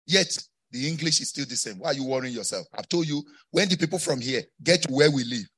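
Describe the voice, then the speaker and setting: West African pastor preaching with repetition. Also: male voice, mid-range voice, lively intonation, quick pace, breathy edge. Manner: call-and-response preaching, repeats phrases, rising to shouts. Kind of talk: sermon.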